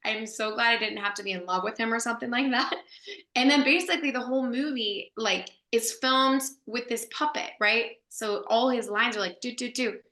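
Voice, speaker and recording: A bright, slightly high woman's voice tells a guest anecdote at a lively clip, leaning on "like" constantly and breaking into laughter. The room around her is echoey and bare, with a roomy ring on every line. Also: moderate pace. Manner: chatty, lots of "like" fillers, laughs while telling. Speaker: guest actress. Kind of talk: animated anecdote storytelling.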